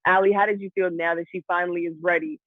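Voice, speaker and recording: A man's voice: high voice, level tone, quick pace, no room sound, phone-quality sound. A man hosting a casual TV recap discussion, leading the panel and asking his co-hosts questions. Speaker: host.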